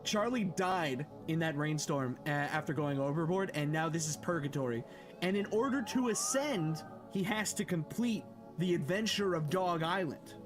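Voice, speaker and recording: Male streamer, high animated voice, jokey and profane, music under. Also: moderate pace. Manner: excitable, joking, swears a lot, sudden yells. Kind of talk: casual game-stream commentary.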